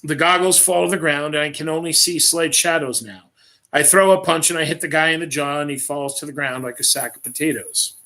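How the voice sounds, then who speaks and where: A man's voice: a little high, steady tone, a little fast, bright, forceful tone. A man reading his own first-person story aloud on a livestream, reading dramatically and breaking off for offhand asides.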